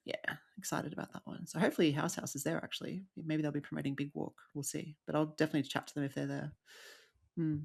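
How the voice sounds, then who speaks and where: Upbeat woman podcast co-host, gravelly and chatty. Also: deep voice, level tone, fast, a little mellow. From Australia. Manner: chatty, laughs often, upbeat. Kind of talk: casual chat.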